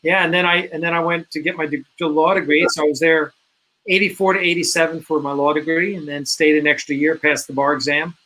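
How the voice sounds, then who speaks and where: A man's voice: a little high, fairly even intonation, fast talker, pushed and bright, poor audio. A man from the New York area, hosting a casual podcast chat with rambling, self-correcting answers. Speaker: host.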